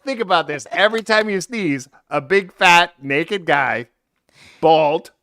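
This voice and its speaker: Man, podcast co-host, lively bouncy delivery, bright voice, dry close sound. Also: sits high, a little slow, dry recording. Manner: animated, playful, jokey. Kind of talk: casual joking chat.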